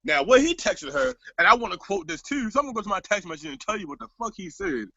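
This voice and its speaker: A young man rants through a story to the camera in a casual, profane and exasperated way. His voice sits high and swings widely, with a gravelly edge and a bright tone. The recording is dry and a little dull. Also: sing-song, fast, dry recording. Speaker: vlogger. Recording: slightly dull, dry lo-fi sound.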